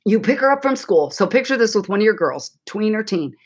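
Husky-voiced woman therapist coaching dads. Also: medium pitch, fairly quick. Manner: chatty, animated, coaching tone. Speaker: therapist and author, guest. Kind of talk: advice-giving podcast interview. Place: Portland, Oregon.

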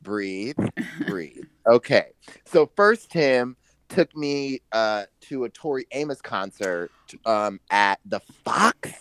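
A man in his forties co-hosting a gossipy podcast, animated and laughing easily. His voice sits in a middling register and is recorded dry and close, with no room sound. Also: mid-range voice, takes it slowly, clear, resonant tone, dry recording. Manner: animated, laughs often, playful slang. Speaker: podcast co-host. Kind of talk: casual gossip chat.

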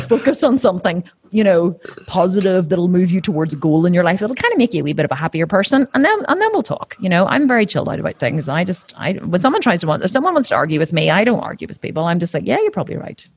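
Sex: woman. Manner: animated, blunt, lively husky voice. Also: fairly low pitch, fast talker. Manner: animated, blunt, swears freely, acts out quoted people. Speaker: podcast guest. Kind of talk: casual interview chat.

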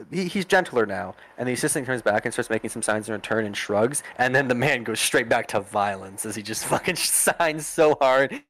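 A man's voice: medium pitch, fairly bright tone, no room sound, low-quality recording. A man narrating a tabletop game as game master, casual and rambling with lots of fillers.

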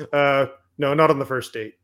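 A man from Canada co-hosting a casual film review podcast, measured with a wry, deadpan humor. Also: mid-range voice. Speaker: podcast co-host.

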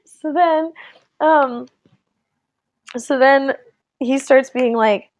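A young woman casually tells a friend a story, animated and laughing often as she imitates what people said in their voices. Her voice is a little high and a bit slow, with long pauses, and the recording is dry.

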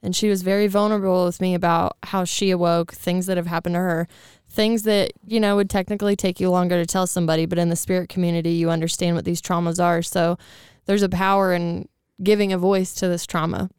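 A woman's voice: on the low side, flat delivery, a little fast, hardly any pauses, darkish tone, smooth, dry recording, studio quality. A woman in her twenties hosting a casual chat, rambling with many fillers and casual swearing. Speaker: podcast host.

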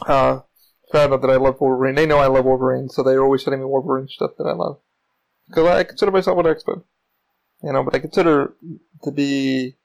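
A man talks alone into his podcast mic, a gravelly edge running under a voice pitched a little high. He rambles excitably from one thought to the next and swears freely as he goes. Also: rough recording. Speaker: podcast host. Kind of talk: casual solo podcast monologue.

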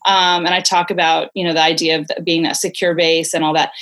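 A woman's voice: sits low, level tone, fairly quick, fairly bright tone. A woman in her forties, a parenting expert guest, explaining ideas in an earnest, conversational way with many "you know"s.

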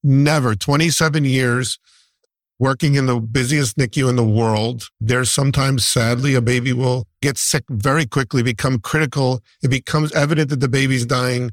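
A man's voice: medium pitch, steady tone, normal speed, no echo. A middle-aged man who works in newborn intensive care, speaking heartfelt and emphatic in a conversation. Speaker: neonatal nurse.

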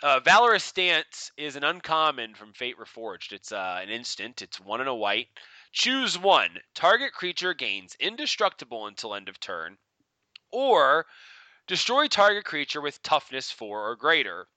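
A man's voice: on the high side, very animated, moderate pace, sharp tone, no echo. A man co-hosting a casual podcast, rambling and laughing as he tells stories, with lots of fillers. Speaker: podcast co-host.

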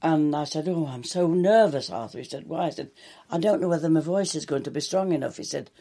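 Older woman, mellow-toned, chatty storyteller telling showbiz anecdotes in an interview. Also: sits low, quick pace, gravelly. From England. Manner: chatty, warm anecdotes with quoted dialogue. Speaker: soap actress. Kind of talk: reminiscing interview.

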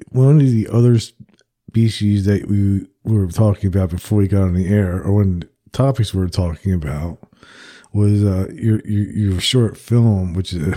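A man's voice: on the low side, mellow. A male host of a casual interview who talks hesitantly and repeats his words.

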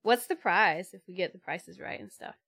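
A woman's voice: medium pitch, normal speed, gravelly, crowd noise. A woman guesting on a podcast, giggly and playful in casual chat.

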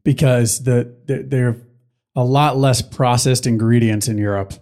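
A man's voice: mid-range voice, fairly even intonation, unhurried, a little mellow. A young man co-hosting a podcast, chatting casually, rambling and swearing now and then. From United States. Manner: rambling, loses his train of thought, swears casually. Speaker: podcast co-host. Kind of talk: casual chat.

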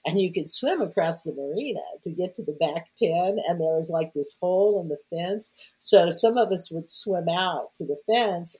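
A woman being interviewed as a guest, telling stories in a lively, conversational way and acting out the voices of the people in them. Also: fairly low pitch, low-quality recording. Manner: animated, acts out quoted voices. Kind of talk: conversational storytelling.

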